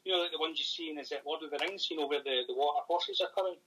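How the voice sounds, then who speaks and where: A Scottish man in casual interview chat, rambling and thinking aloud with many pauses. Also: fairly high pitch, sharp tone, rough recording. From Scotland. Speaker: paranormal investigator and author.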